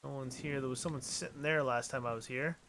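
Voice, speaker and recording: A man casually commenting as he plays a video game, with low-key, mumbled asides. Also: fairly even intonation, fast talker, fairly bright tone, slight background noise. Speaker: let's play host.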